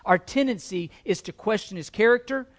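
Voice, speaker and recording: A male pastor with a high voice preaches a sermon at a brisk pace. Emphatic and repetitive, he repeats lines for emphasis, builds to loud stresses and then drops quiet, and stumbles over words at times.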